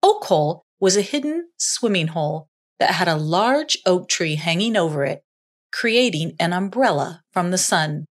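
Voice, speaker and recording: A woman narrating a children's story in a slow, expressive reading voice. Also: lowish voice.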